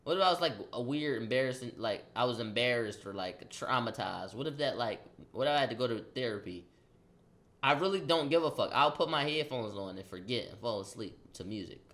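Young dude telling a wild story, slangy, bright voice, gets loud acting out the quotes. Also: male voice, mid-range voice, a little fast. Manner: animated, slangy, acts out quotes loudly. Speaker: vlogger. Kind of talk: casual storytelling.

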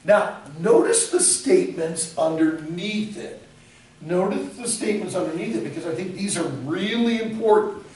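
A man's voice: sits high, expressive, normal speed, darkish tone, slight background noise. A man giving a classroom lecture on ministry, emphatic and speaking directly to his students. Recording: echoey room, mic far off.

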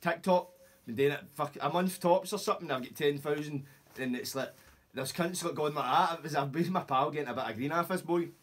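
A Scottish man with a raised, husky voice, talking very fast. He rambles through sweary anecdotes and acts out quoted speech in casual podcast chat. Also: on the high side, fairly bright tone. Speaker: podcast host.

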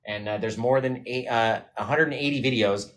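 A man hosts a live painting stream and tells a rambling, self-mocking story to his viewers. He laughs often, and his voice sits at an ordinary middle pitch for a man. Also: normal speed, fairly bright tone. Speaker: livestream painting host. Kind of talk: casual chat with live viewers.

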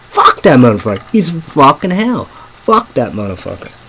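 A man rambling in a halting monologue, full of fillers, dropping to a murmur and then bursting out loud and swearing. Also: medium pitch, wildly swooping pitch, a little hiss or hum, poor audio. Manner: swings from murmuring to sudden loud outbursts. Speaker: vlogger.

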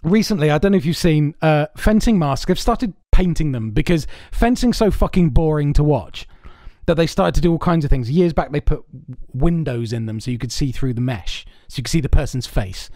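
Man, podcast co-host, casual chat, rambling and laughing, high-ish voice, dry home-studio sound. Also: expressive, fairly quick, few pauses, warm tone, no echo. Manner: rambling, laughing, sweary storyteller. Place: home recording space with soundproofing.

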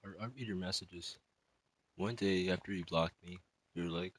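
Husky, low-voiced young man rambling. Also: a bit bright, low-quality recording. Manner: rambling, halting, full of sighs and fillers. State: distraught. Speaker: student. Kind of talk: emotional spoken monologue to a girlfriend.

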